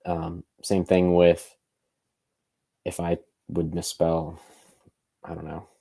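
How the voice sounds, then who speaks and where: A man's voice: sits low, vocal fry, warm tone. A man co-hosting a podcast, thinking aloud in loose, casual conversation. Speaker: podcast co-host.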